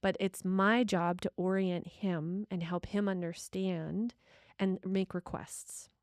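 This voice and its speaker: A middle-aged woman co-hosting a casual relationship talk, speaking in an animated, emphatic way and laughing often. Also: fairly low pitch, takes it slowly, dry recording, studio quality. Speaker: podcast co-host.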